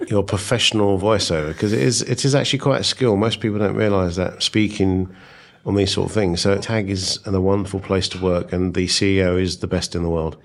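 Gravelly deep-voiced male host. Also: fairly even intonation, a little fast. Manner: teasing, playful interviewer. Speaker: podcast host. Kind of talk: casual chat.

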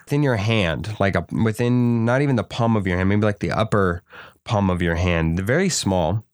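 Young man, low voice, dry close sound, halting casual talker with restarts. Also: dry recording. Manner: hesitant, many restarts and repeated words. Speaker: conversation partner. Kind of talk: casual chat.

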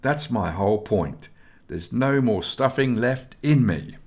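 A man's voice: mid-range voice, lively intonation, measured pace, a little mellow, pitched above the performer's own voice. A man reading aloud and voicing a plaintive, complaining young male squire in a storybook. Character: young male squire, whiny and self-pitying.

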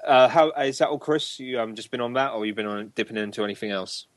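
A man hosting a casual gaming podcast, rambling with many ums and quick to laugh. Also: medium pitch, fairly even intonation, no room sound. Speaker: podcast host.

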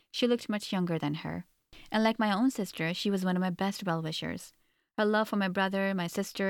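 A woman's voice: lowish voice, no echo, studio quality. A woman narrating a first-person novel in an earnest, reflective manner. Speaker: audiobook narrator.

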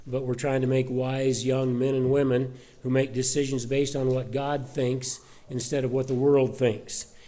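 A man preaching a sermon to his church, earnest and conversational, often pausing with uh and restarting his sentences. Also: mid-range voice, mellow. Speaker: pastor. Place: church service.

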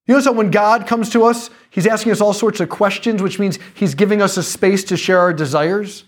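Man, lively faith talk, slightly higher voice, casual jokes. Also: brisk. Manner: animated, conversational, jokey asides.

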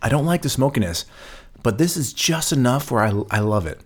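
A man from the States co-hosts a relaxed podcast. He talks freely and often stumbles over his first words. His voice sits at an ordinary middle pitch. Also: fairly quick. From United States. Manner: chatty, stammers and restarts often. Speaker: podcast co-host. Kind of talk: casual chat.

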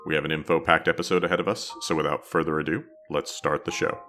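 Male podcast host from New Jersey, low voice, wry storyteller, faint music underneath. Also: level tone, fast, pushed and bright. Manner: storytelling, wry and self-deprecating. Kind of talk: scripted podcast narration.

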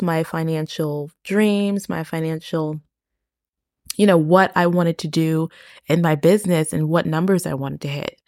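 A chatty woman hosts her own podcast, recorded close on the mic in a dead, dry room. Her voice sits a bit low for a woman, and she talks in a relaxed, confiding way, dropping in little laughs and "y'all" as she goes. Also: no echo. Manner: chatty, laughs often, many "like" and "y'all" fillers. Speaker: podcast host. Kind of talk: casual faith-based podcast monologue.

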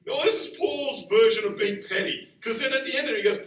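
A man preaching a sermon in a conversational, animated way, acting out the quotes he tells. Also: very high voice, fairly quick. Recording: roomy sound from far off the mic.

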